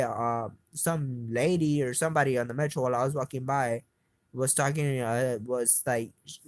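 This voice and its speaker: A young man ranting on and on, swearing constantly, his voice climbing in pitch as he gets worked up. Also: no echo. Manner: agitated, swears constantly, voice climbs when heated. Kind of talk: profane rambling rant to camera.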